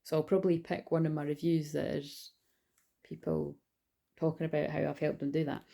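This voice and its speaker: A woman's voice: deep voice, flat delivery, brisk, creaky, warm tone. A Scottish woman giving a casual, rambling spiritual card reading, chatty and swearing now and then.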